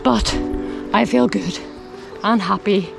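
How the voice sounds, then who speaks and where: A woman vlogging on a long coastal hike, exhausted but excited, chattering and exclaiming into a handheld camera outdoors. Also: mid-range voice, takes it slowly, gravelly. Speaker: hiker vlogger. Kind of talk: walking vlog. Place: outdoors on a windy coastal trail. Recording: loud music behind voice.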